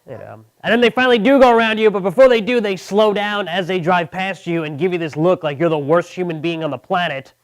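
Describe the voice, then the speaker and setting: A young man from Long Island, doing a stand-up comedy set with a deadpan delivery. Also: sits high, fast talker, hardly any pauses. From Long Island, New York. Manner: deadpan, mocking voices of others. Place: comedy club.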